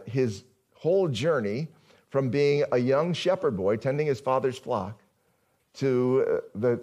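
A man's voice: mid-range voice, darkish tone. A male pastor giving a conversational sermon, often asking the congregation questions.

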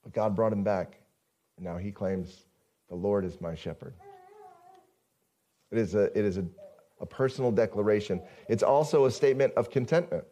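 A man's voice: lowish voice, normal speed, long pauses, warm tone. A male pastor giving a conversational sermon, often asking the congregation questions.

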